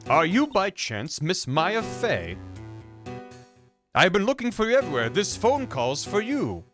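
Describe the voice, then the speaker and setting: A man voicing a stiff, overly polite male hotel bellboy who talks slowly, over game music. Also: sits high, very animated, a bit bright, pitched above the performer's own voice, heavily acted. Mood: formal. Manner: slow, overly polite, drawn out.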